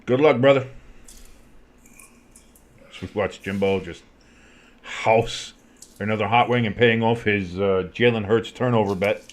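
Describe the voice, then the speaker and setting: A man's voice: fairly low pitch, measured pace, long pauses. A man co-hosting a casual sports podcast, playful and teasing, often slipping into goofy voices. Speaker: co-host.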